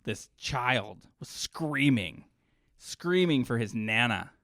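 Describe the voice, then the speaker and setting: A man co-hosting a podcast, an animated, jokey storyteller who sounds exhausted. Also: mid-range voice, slow, dry recording, clean studio sound. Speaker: podcast co-host. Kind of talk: casual chat.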